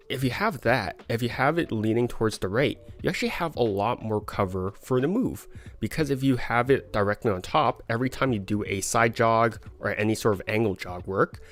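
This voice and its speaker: A man teaching a card sleight on a livestream, stumbling and laughing at his own mistakes. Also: fairly low pitch. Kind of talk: livestream tutorial. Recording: faint background music.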